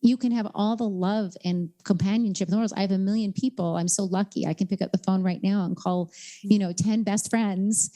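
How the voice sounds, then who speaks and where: A woman in her fifties from New York, a guest author talking earnestly and candidly in an interview, often in quick bursts with many "like" fillers. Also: medium pitch, steady tone, dark tone. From New York, USA. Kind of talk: reflective interview conversation.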